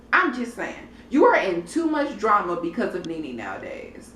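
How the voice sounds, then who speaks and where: A sassy young woman rants her way through a reality TV review in loose, profane vlog chatter, talking straight to her viewers. Her mid-range voice swings widely in pitch at a moderate pace, slightly bright and with barely any pauses. She sits a bit back from the mic, so her voice echoes around a roomy space over a faint hum.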